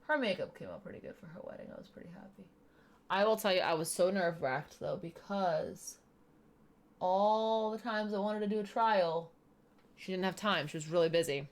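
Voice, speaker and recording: A woman's voice: on the low side, lively intonation, normal speed. A woman chatting casually while she does her makeup, explaining each step as she goes. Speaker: streamer doing makeup. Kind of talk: casual makeup tutorial chat.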